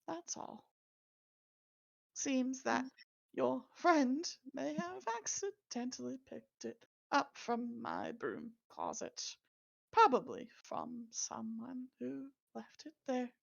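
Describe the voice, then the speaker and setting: A woman playing a creaky mechanical shopkeeper. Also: sits high, takes it slowly, lo-fi sound, full character voice. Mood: stiff. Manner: flat, mechanical, formal speech. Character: stiff male clockwork shopkeeper with many eyes.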